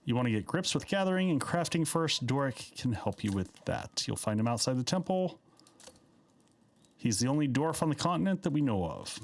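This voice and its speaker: Playful man streaming a game. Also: medium pitch. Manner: chatty, playful, reads game dialogue aloud with silly voices. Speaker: streamer playing a game live. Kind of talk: casual live-stream commentary.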